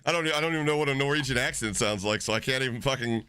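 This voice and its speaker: A man streaming live, chatting casually with his viewers, swearing freely and getting excited as he reacts to chat. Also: mid-range voice, very fast, smooth, no room sound, studio quality.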